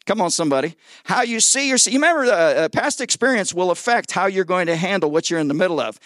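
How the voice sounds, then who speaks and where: A man preaching a sermon in a high voice, recorded dry and close. He mixes scripture reading with jokes. He often trips over repeated words and asks the congregation to answer him. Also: quick pace, dry recording. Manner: lively and joking, calls on the congregation for responses; stumbles and repeats words when excited. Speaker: guest pastor. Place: church service before a congregation.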